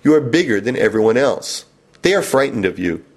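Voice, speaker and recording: A stern, rational inner voice that lectures in short, matter-of-fact statements, as a man puts it on. It stays in a middle pitch, close to an everyday speaking voice. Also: very animated, brisk, breathy edge. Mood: lecturing.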